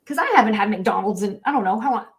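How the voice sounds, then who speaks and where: A woman's voice: medium pitch, fast talker. A middle-aged woman co-hosting a podcast, sharing a personal story in an emotional, earnest way with lots of fillers. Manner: emotional, earnest, tells stories with many fillers. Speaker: podcast co-host. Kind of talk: candid conversational storytelling.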